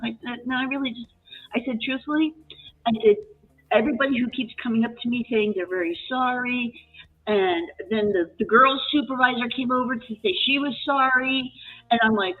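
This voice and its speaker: A woman's voice: on the high side, brisk. Woman telling a story over a tinny line. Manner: animated, emotional retelling with restarts. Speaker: live chat guest. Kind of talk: casual storytelling chat. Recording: tinny phone-line audio with faint music.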